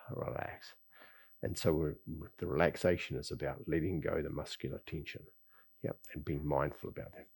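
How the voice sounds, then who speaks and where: Man, qigong teacher, very low voice, husky, easygoing and rambling. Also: steady tone, fairly quick. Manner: easygoing, rambling, lots of sighs and soft chuckles. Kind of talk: relaxed spoken class talk. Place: lives in Bali.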